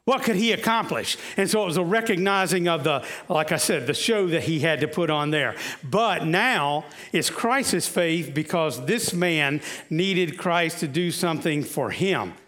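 A man's voice: fairly high pitch, animated, a little slow, few pauses, a bit bright. A man preaching a conversational sermon, often asking the congregation questions, with frequent "uh"s and restarts.

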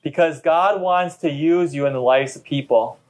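A middle-aged man preaching to a congregation, telling stories in a loose, conversational way. His voice sits a little above the usual pitch for a man. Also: moderate pace. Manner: conversational storytelling preacher, talkative. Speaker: pastor. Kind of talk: sermon. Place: church service.

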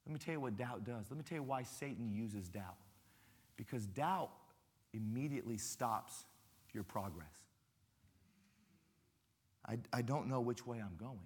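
A man's voice: mid-range voice, a little slow, pauses often, husky. A man preaching a sermon as a guest pastor, telling stories with humor and repeating phrases for emphasis. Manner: animated, humorous storytelling with emphatic repetition.

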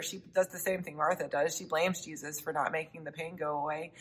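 A woman preaching a sermon, earnest, often dropping to soft hushed tones for emphasis. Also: deep voice, fairly even intonation, fairly quick, few pauses, breathy edge, rough recording.

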